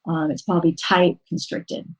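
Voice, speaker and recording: A woman speaking as a podcast guest, her voice sitting a little low. She walks through a practice in a calm, unhurried, instructive way, stopping now and then on an um before going on. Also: rough recording. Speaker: podcast guest, horse-assisted wellness coach. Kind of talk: explaining a mindfulness practice in a podcast interview.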